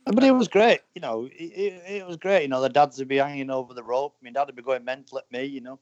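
A man's voice: mid-range voice, fast talker, darkish tone, no echo. Man, forties, rambling casual chat, dull lo-fi audio. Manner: rambling, leans on "you know". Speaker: motorcycle racer guest. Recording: dull lo-fi dry sound.

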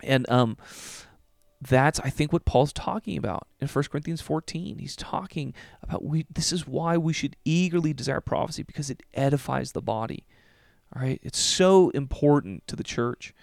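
A man in his thirties hosts a solo podcast, his voice sitting a little higher than most men's. He talks earnestly and gets moved by his own words, leaning on fillers and tag questions. The sound is dry, with no room echo. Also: moderate pace, creaky, a little mellow. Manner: earnest, emotional, filler-heavy with frequent "okay?". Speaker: podcast host. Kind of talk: solo podcast talk about faith. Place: alone in a room.

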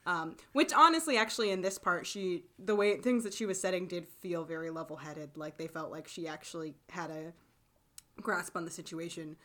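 A woman's voice: fairly low pitch, moderate pace. A young woman co-hosting a podcast, chatting casually and laughing often as she recaps episodes. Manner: animated, laughs often, acts out quotes. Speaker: podcast co-host. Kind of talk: casual chat recapping a TV drama.

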